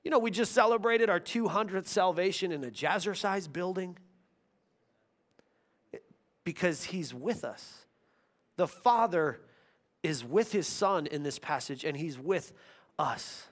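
A pastor preaches a sermon in a notably high voice for a man. He tells his stories earnestly, building to loud stretches and then dropping to near-hushed tones. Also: expressive, measured pace, long pauses.

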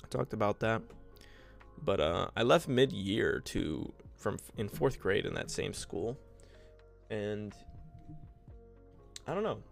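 A young man with a lowish, gravelly voice full of fry, hosting his own podcast. He rambles through stories in a casual, profane, self-mocking way, close to a home mic with faint music underneath. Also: big pitch swings, slow pace, long pauses. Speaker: podcast host. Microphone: home desk mic.

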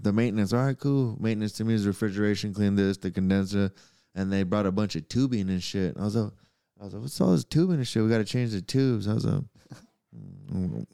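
A man, a maintenance worker, telling profane, animated stories in casual chat. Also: on the low side, a little fast, creaky, clean tone.

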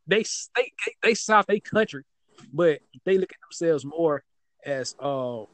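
A man chatting casually about rap and regional style, musing in a loose, drawn-out way and often asking "you know what I'm saying". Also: on the high side, animated, fairly bright tone, no echo.

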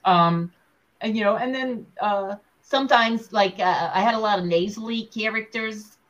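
A woman's voice: medium pitch, moderate pace, fairly bright tone, lo-fi sound. A woman puppeteer talking casually in an interview, full of fillers and restarts. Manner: chatty, with many fillers and restarts. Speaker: puppeteer guest.

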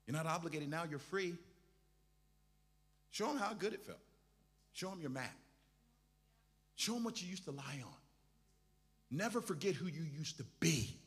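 A man's voice: on the high side, animated, moderate pace, long pauses, a bit bright, big-room sound. A male pastor preaching a sermon with impassioned, repetitive exhortations.

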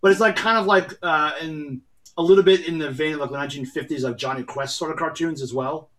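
A man's voice: on the high side, quick pace, fairly bright tone. A man co-hosting a casual podcast chat, enthusiastic and rambling. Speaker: podcast co-host.

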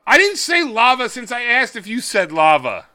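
A man's voice: very high-pitched, big pitch swings, moderate pace, sharp tone. A man co-hosting a podcast, bantering casually and playfully stubborn in his jokes. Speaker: podcast co-host.

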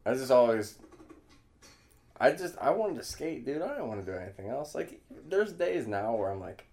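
A man's voice: medium pitch, big pitch swings, normal speed, a little mellow. A man in his thirties, a podcast guest, chatting casually in a laid-back way, swearing and laughing often. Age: 30s. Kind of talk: casual chat.

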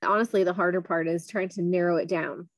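A young adult woman co-hosting a podcast, reminiscing in a lively way. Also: fairly low pitch, a little fast, no echo. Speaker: podcast co-host. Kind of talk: casual family podcast chat.

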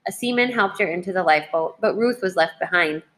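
A woman teacher reading a children's history book aloud in a clear, measured way. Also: on the low side, fairly bright tone.

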